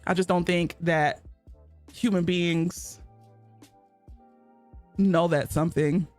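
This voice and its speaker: A woman's voice: lowish voice, steady tone, takes it slowly, a little mellow, soft background music. A young woman streaming a game, chatting casually in a blunt, profane way and laughing often.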